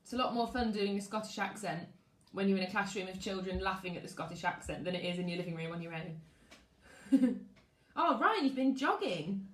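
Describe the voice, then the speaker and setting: Speaking at a normal speed in a mid-range voice, a woman who teaches primary school runs a live class from her living room at home. She's lively, welcomes each pupil by name, reads out their comments, and chats a bit before reading aloud, all in an echoey room.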